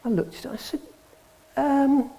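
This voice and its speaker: A man's voice: on the high side, big pitch swings, moderate pace, darkish tone. A middle-aged English man, an antiques expert, giving a talk to a live audience in a public hall, telling dry humorous anecdotes and acting out the dialogue. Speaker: guest speaker, antiques expert.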